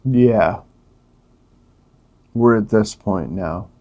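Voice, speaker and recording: A man talks through his beer tasting in a relaxed, unhurried way, his mellow voice low and warm. He tosses off jokes and exclamations between sips, casual and unscripted. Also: muffled recording. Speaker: beer vlogger.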